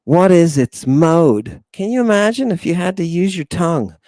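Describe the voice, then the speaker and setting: A man's voice: on the high side, lively intonation, moderate pace, darkish tone, no echo. A man teaching a Greek class, theatrical and emphatic, stretching key words, often asking the room "right?" and sighing in exasperation. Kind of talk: classroom lecture.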